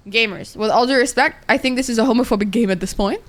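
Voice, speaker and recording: A young woman with a fairly high voice streams a video game, talking fast with barely a pause. She rants dramatically and swears at the game in exasperation as she delivers let's-play commentary, with faint game music in the background.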